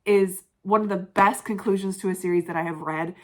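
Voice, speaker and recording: A woman's voice: medium pitch, steady tone, brisk. A young woman vlogging casually about a book she just finished, emotional and swearing freely, laughing often. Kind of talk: casual vlog chat.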